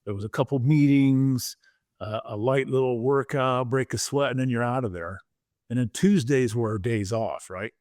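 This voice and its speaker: A man's voice: mid-range voice, moderate pace, no room sound. A man in his sixties tells a long story from his past on a podcast. He relives it vividly and slips into the voices of the people he quotes. His voice sits in the middle range, and the recording is dry and close. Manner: animated, vivid retelling with acted-out quotes. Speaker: guest, former pro football player.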